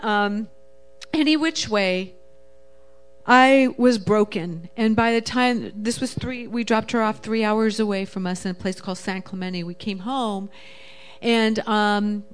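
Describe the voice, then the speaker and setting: A middle-aged woman from a Jewish family, appearing as a guest sharing her testimony, tells a personal story in a casual, emotional, rambling manner. She acts out the voices of the people she quotes, and her voice is smooth and on the high side.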